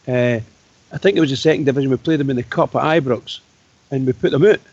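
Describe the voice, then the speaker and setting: A man's voice: mid-range voice, quick pace, darkish tone, no echo. A Scottish man on a football fan phone-in, recalling old games in a storytelling way. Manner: reminiscing, storytelling. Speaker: radio co-host. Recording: dry, dull lo-fi radio sound.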